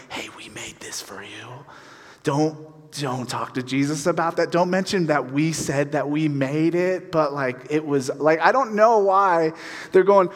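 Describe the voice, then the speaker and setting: A man preaching a casual sermon as pastor, animated and acting out voices in his stories. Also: a little high. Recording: long hall reverb.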